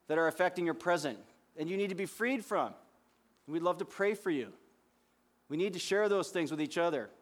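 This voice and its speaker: A man preaching a sermon as pastor, speaking conversationally with frequent restarts. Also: on the high side.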